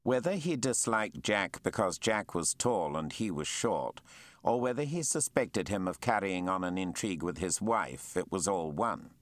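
A man reading a novel aloud as narrator, measured and expressive. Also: sits low, no room sound. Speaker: audiobook narrator. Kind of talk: scripted narration.

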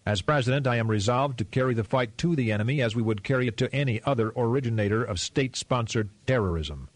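A man reading the lines of a male president, speaking quietly in a clipped, menacing way, his anger held tightly under control. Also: mid-range voice, fast talker, no room sound, lightly acted. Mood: cold fury. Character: furious, grimly calm male president.

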